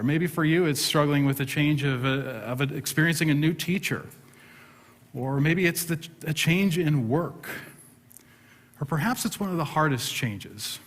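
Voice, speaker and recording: A man's voice: on the high side, fairly bright tone. A middle-aged man, a pastor, preaching a sermon and telling a self-deprecating story with humor. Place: church sanctuary. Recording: long hall reverb.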